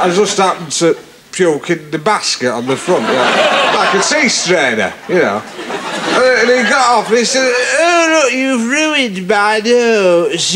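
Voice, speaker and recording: Boorish pub comic, lewd and rambling, high animated delivery; noisy broadcast with a roaring crowd. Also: male voice. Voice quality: crude, rambling, full of fillers. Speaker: stand-up character comedian. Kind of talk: stand-up character monologue. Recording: old TV broadcast, loud live studio audience, noisy tape.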